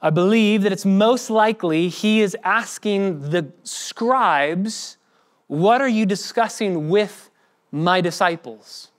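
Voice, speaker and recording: A man's voice: high-pitched, slow pace. A man preaching a sermon as pastor, acting out the voices of the people he quotes. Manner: expressive preaching, acts out quoted speech.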